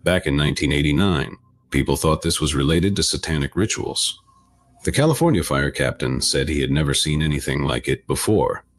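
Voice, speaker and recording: A man reading a scripted true-crime narration in a flat, even retelling. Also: extremely low pitch, a little fast, slight background noise. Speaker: video narrator.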